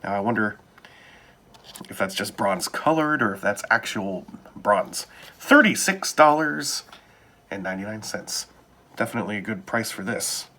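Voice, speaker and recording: A man's voice: lowish voice, expressive, normal speed, pushed and bright. A man casually talking through a knife unboxing, with wry asides muttered to himself.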